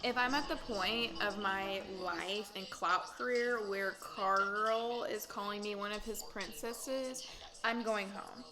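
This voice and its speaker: Woman, reaction host, gossipy casual chat, quick asides, clear crowd sounds behind. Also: medium pitch, fairly even intonation, rough recording.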